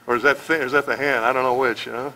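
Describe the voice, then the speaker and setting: A middle-aged man pastor preaching a sermon in an animated, joking way, acting out the voices of people he quotes. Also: mid-range voice, quick pace.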